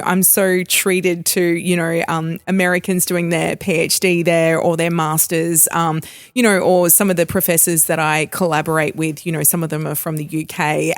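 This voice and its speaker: Brief: Australian woman, studio guest, chatty and laughing, lowish pitch, dry close sound. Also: no room sound. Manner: chatty, laughs often, many fillers. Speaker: guest, media researcher. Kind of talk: casual chat. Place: local radio station studio.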